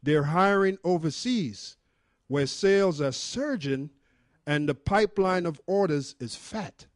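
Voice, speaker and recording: A man's voice: a little high, a little slow, no room sound, clean studio sound. A man earnestly reading from an article and explaining it to a group, with frequent fillers. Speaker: member of a religious group presenting research.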